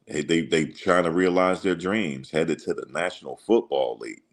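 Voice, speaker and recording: A man's voice: low voice, normal speed, hardly any pauses. A man hosting a casual sports livestream, rambling through stories and slipping into quoted voices. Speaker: host.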